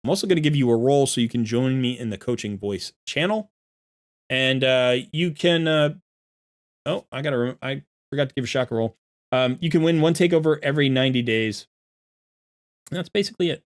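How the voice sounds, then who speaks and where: In a mid-range voice that runs a little fast, a man streams a game and coaches his viewers with casual commentary. He gets a bit irritated sorting gear, speaking bluntly and emphatically and going over the same points repeatedly.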